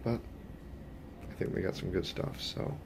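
A young man, an actor, chatting in a behind-the-scenes vlog from a film set, excitable at times and then quiet and reflective. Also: moderate pace, background noise.

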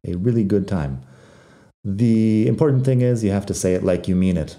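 A man teaching Spanish slang in a relaxed, wry, conversational podcast lesson, with a non-native accent when he says the Spanish words. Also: fairly low pitch, moderate pace. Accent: non-native Spanish accent when speaking Spanish.

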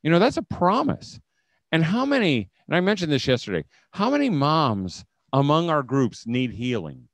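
Middle-aged man, conference talk, storytelling, animated pitch, dry close sound. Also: moderate pace, dry recording. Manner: conversational storytelling, acts out quotes. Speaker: speaker at a homeschool leaders' event.

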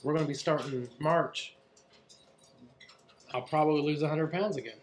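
A man chatting casually at home on a diet vlog, relaxed and rambling. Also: a little high, normal speed. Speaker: co-host of a keto vlog channel. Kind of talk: casual chat.

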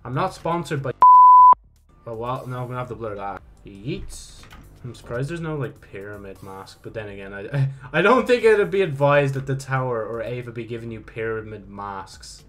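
Young man, gaming commentary, swears a lot, lively pitch, faint music under. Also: normal speed. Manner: swearing, self-mocking, outbursts of frustration. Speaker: gaming YouTuber. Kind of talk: casual gameplay commentary.

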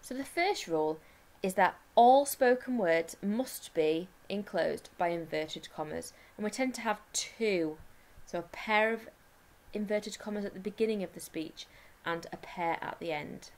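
English lady teacher doing an online lesson, slow clear step by step, keys tapping behind. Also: mid-range voice, darkish tone. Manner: clear, step-by-step explaining, slowing to dictate. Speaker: primary school teacher.

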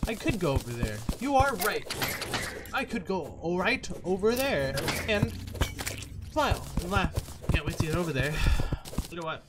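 A man's voice: sits high, very animated, normal speed, very noisy. A man streaming a game, rambling and joking to himself as he plays. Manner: rambling, jokey, talks to himself. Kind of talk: casual gameplay commentary. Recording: loud music under the voice. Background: game music.

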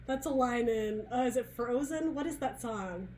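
Female tarot reader, casual rambling delivery, a bit high-pitched, faint hiss behind. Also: lively intonation, moderate pace, warm tone. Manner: chatty and searching, many restarts and asides. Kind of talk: casual tarot reading monologue.

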